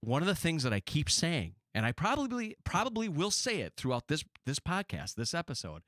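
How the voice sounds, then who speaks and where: A man from Wisconsin with an Upper Midwestern accent, co-hosting a podcast in chatty, animated storytelling. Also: a little high, fairly quick, no echo, clean studio sound. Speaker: podcast co-host. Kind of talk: casual chat.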